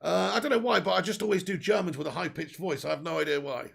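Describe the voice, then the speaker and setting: A man hosting a live football watch-along, chatty and excitable, swearing freely and reading out viewer comments. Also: high voice, quick pace, vocal fry, few pauses, slightly rough. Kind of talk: casual live match commentary.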